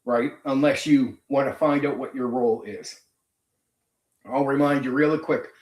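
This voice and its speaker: A man's voice: medium pitch, fairly even intonation, moderate pace, darkish tone, reverberant. A man hosting his own channel, ranting in a blunt, profane, combative casual monologue. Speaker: channel host.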